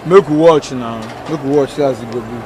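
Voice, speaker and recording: A man's voice: mid-range voice, brisk, background noise, lightly acted. An actor playing a proud, short-tempered village king in a comedy skit, speaking with a Nigerian accent in a blustering, threatening way. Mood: calm. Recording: outdoor take with loud crowd.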